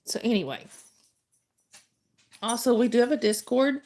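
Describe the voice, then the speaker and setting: Fairly high in pitch yet darkish in tone, this livestream host's voice moves at a moderate pace. She casually chats with viewers while telling a story, laughing often and frequently restarting sentences.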